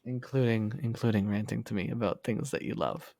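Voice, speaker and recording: A young man chatting casually on a livestream, reading comments in a soft, affectionate way and laughing often. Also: lowish voice, steady tone, brisk, vocal fry. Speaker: streamer.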